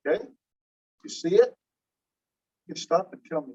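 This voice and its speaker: A man teaching a linguistics class, explaining slowly and repeating key phrases while checking that students follow. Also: on the high side, animated, darkish tone, husky. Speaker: linguistics instructor. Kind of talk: classroom lecture. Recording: muffled distant classroom recording.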